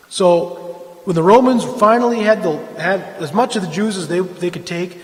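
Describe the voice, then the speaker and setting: A man's voice: high voice, big-room sound. A man giving an impassioned, emphatic lecture in a church, often restarting his sentences. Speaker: speaker.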